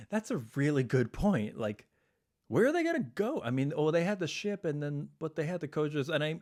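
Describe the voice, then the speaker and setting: A man hosting a reaction video, chatting casually and rambling, often trailing off and acting out his own thoughts. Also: medium pitch.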